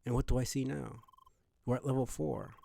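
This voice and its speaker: A man's voice: mid-range voice, steady tone, moderate pace, gravelly, dark tone. A man voicing a pompous young man in a game dub who lectures and accuses in a stiff, preachy way. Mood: stern. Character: pompous young man, self-appointed rule enforcer.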